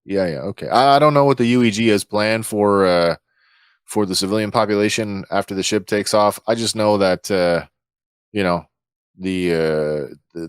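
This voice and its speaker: A man playing a tabletop game, talking hesitantly with many pauses and restarts. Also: low-pitched, clear, resonant tone, no room sound, studio quality. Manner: hesitant, lots of uhs and restarts. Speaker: player. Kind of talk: tabletop role-play, in character.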